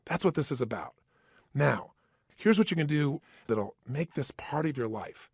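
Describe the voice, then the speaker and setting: A man's voice: fairly high pitch, animated, moderate pace, gravelly, slightly rough, no echo, clean studio sound. A man giving an emphatic motivational talk, acting out the voices in people's heads. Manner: emphatic, acts out inner voices. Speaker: motivational speaker.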